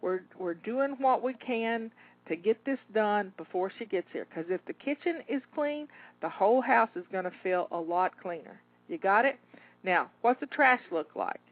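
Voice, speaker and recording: Over tinny, phone-like audio, a woman who coaches home organizing cheers listeners on through a timed kitchen cleanup, a little winded. Her mid-range voice is animated and moves at a moderate pace.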